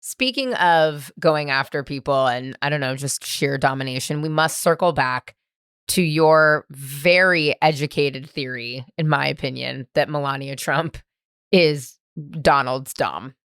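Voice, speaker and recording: A woman's voice: very deep voice, a little slow, fairly bright tone, smooth, no echo, studio quality. A woman hosting a podcast, chatting casually in a rambling way with some swearing. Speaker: podcast host. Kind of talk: casual chat.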